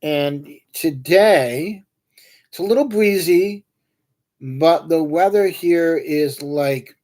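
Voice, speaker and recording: A man's voice: fairly high pitch, takes it slowly, a little mellow. A man hosting a livestream, chatting casually and telling meandering, joking anecdotes. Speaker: livestream host. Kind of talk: casual rambling chat.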